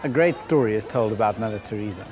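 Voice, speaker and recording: A man's voice: fairly low pitch, animated, quick pace, crowd noise. A man narrating earnestly about a ministry and telling a story. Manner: earnest, storytelling with acted quotes.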